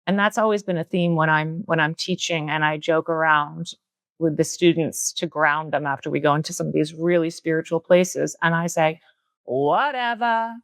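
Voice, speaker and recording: A middle-aged woman, a spiritual and yoga teacher, speaking earnestly on a podcast from a retreat center and slowing down to stress key words. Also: deep voice, level tone, fairly bright tone, dry recording, clean studio sound. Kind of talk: reflective spiritual talk on a podcast.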